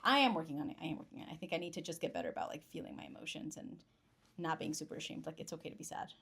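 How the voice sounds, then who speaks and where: A young woman co-hosting a casual chat, talking openly about feelings with lots of "like" and quick asides. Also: deep voice, gravelly, a bit bright, breathy edge. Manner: quick, chatty, lots of "like" fillers. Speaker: podcast co-host.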